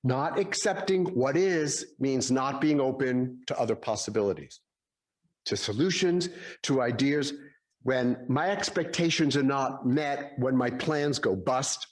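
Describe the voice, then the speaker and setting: Slow, gentle older man giving a sermon. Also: fairly high pitch. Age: 60s. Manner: gentle storytelling, acts out dialogue in quotes. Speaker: speaker at a Sunday service.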